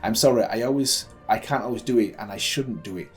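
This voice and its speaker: A man's voice: fairly low pitch, a little fast, soft background music, close to an everyday voice. A man voicing a shy, anxious young girl mage, speaking meekly and pleading, read aloud. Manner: meek, pleading.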